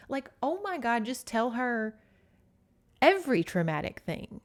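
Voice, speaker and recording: A woman's voice: on the high side, big pitch swings, normal speed. A woman with a Southern US accent hosting a podcast, recapping a book in a chatty, sarcastic way full of asides. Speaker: podcast host.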